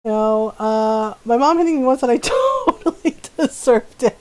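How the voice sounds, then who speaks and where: A woman's voice: on the high side, sing-song, moderate pace, darkish tone, rough recording. A middle-aged woman game streamer, telling family stories in casual chat and laughing often. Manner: chatty storyteller who laughs often.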